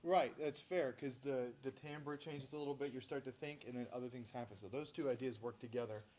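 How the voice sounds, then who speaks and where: A man's voice: mid-range voice, fairly even intonation, fairly quick, darkish tone. A man teaching a school band class, counting off the players and asking them questions. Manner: counts off and directs rehearsal, asks questions. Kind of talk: classroom instruction.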